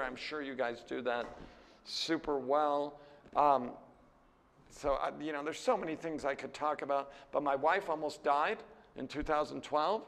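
A man's voice: creaky, in a large hall. An older American man teaching a classroom Bible lecture, candid and conversational, often checking in with "right?" and "you know". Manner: lively, jumps higher when animated. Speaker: seminary teacher.

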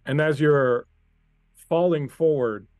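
A man running a tabletop game as game master, narrating scenes to a player in an unhurried, second-person way over an online call. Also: a little high, a little mellow, dry recording, clean studio sound.

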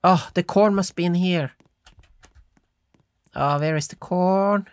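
A woman giving excitable let's-play commentary, yelping and giggling as she plays. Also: fairly low pitch, takes it slowly, dry recording. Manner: excitable, yelps and giggles while playing. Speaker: gamer.

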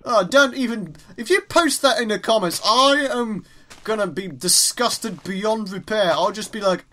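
A young man with an English accent giving chatty, excitable let's play commentary as he mines, exclaiming at each new find. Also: high-pitched, measured pace. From England. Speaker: gaming YouTuber.

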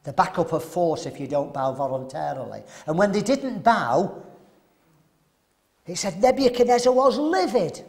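A man preaching at a men's seminar, animated and throwing rhetorical questions to the audience. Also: sits high, moderate pace, vocal fry.

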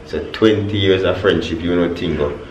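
Jamaican male vlogger, playful, low voice, echoey room full of chatter. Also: normal speed. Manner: playful, joking about his own accent attempts. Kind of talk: casual chat. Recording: echoey room, far from the mic, crowd behind.

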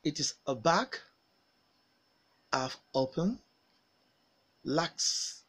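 A man teaching a pronunciation lesson, saying vowel sounds and model words with careful, drawn-out articulation and pausing for learners to repeat after him. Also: a little high, lively intonation, pushed and bright, husky. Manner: over-articulated, drilled with pauses for repetition. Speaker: phonics teacher. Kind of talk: slow, deliberate pronunciation lesson.

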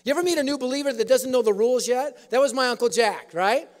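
A man's voice: extremely high pitch, quick pace. A man preaching a sermon in an auditorium, telling a story with humor. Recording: echoey auditorium.

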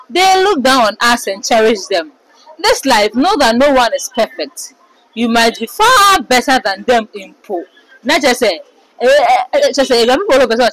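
A woman with a Ghanaian accent giving casual gossip commentary, reading out comments and quotes in an animated way. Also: high-pitched, rough recording. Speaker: entertainment commentator.

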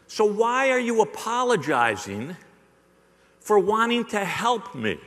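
Animated keynote speaker, middle-aged man, playful and rhetorical, recorded with a long hall echo. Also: high voice, slow pace. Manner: animated, joking, rhetorical, works the audience. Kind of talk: live motivational keynote. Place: large hall with a live audience.

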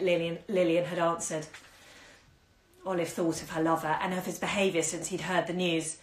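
A woman's voice: on the low side, level tone. Woman reading a story in an echoey room. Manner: measured storytelling with acted dialogue. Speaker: bookshop owner reading aloud. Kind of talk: reading a short story aloud. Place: indoors at home during lockdown. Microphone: phone on a live stream. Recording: echoey room on a phone stream.

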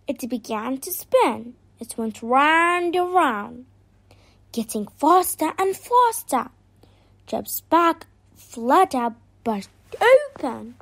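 A woman reads a children's storybook aloud with a very high voice. She reads slowly and clearly, stretching out the sentences. Her pitch moves a lot to keep young listeners engaged. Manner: slow, expressive read-aloud. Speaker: narrator.

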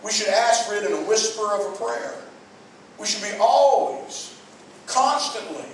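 A man's voice: high voice, moderate pace. A man preaching a sermon to his congregation, earnest and repetitive, speaking straight to the people in the pews. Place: church sanctuary. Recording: very echoey church hall, mic far off, faint noise.

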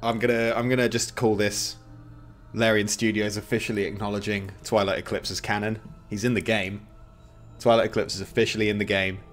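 A man's voice: on the low side, flat delivery, brisk, soft background music. A male streamer chatting casually while gaming and laughing often.

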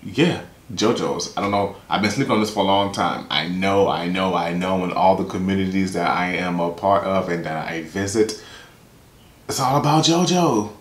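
A young man hosting a reaction video in casual slangy commentary, excited and hyped. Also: low voice, moderate pace. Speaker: reaction channel host. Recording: echoey room with loud music. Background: anime opening music playing.

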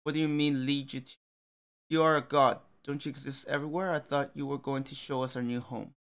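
A man's voice: medium pitch, fairly even intonation, a little fast, smooth, close to an everyday voice. A man voicing an earnest, polite young male elf leader. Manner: earnest, apologetic.

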